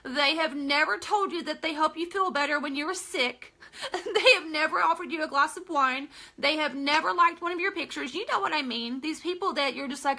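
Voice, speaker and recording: A woman's voice: high-pitched, a little fast, pushed and bright. A woman network marketing coach giving a chatty live-stream class, greeting viewers by name and making frank asides.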